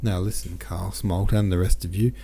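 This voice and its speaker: A man's voice: sits low, fairly even intonation, moderate pace, gravelly, warm tone, breathy edge, full character voice. A man voicing a short-tempered middle-aged merchant consul who scolds a crowd. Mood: stern. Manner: curt, scolding.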